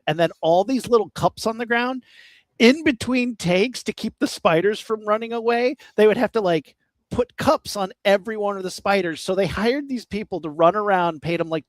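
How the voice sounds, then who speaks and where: A man's voice: sits high, dry recording, clean studio sound. A man co-hosting a podcast, chatting casually about horror movies in a rambling, joking way. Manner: rambling, animated, quick to joke. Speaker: podcast co-host.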